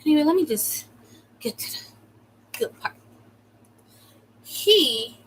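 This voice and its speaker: A young woman from the United States telling a personal story in a casual, slangy way, with sudden loud outbursts. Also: high voice, slow, a little hiss or hum, low-quality recording. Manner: animated, slangy, swings into loud exclamations. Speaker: vlogger.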